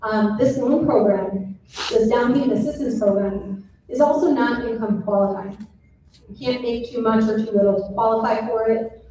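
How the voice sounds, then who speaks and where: A woman's voice: fairly high pitch, dark tone. A woman mortgage lender giving a seminar presentation, explaining step by step and checking in with the audience. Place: seminar room. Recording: echoey room, mic far off, faint noise.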